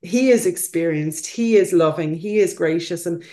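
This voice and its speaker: A woman's voice: on the low side, normal speed, warm tone. Woman pastor, heartfelt and earnest, conversational faith talk.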